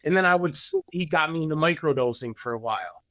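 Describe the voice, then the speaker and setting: A man with a fairly high voice tells his story animatedly as a podcast guest, slipping into other people's words as he goes. The sound is dry and close, with no room echo. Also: fast talker, a bit bright. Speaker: podcast guest, business owner. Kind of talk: candid storytelling in a podcast interview.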